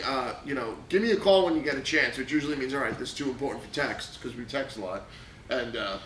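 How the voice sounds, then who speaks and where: A man's voice: medium pitch, bright, forceful tone. A man in his thirties, a podcast host telling stories in casual chat, laughing and swearing as he goes. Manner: laughing, profane storyteller. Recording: echoey room, distant mic, faint hiss.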